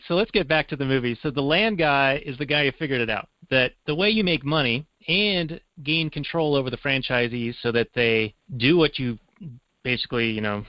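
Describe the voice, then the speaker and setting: A man casually explains a film's business ideas on a podcast, with a wry, teasing edge. His voice sits in a middle pitch. The sound is very dry and a little dull. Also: dry recording. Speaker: podcast co-host. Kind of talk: casual movie discussion.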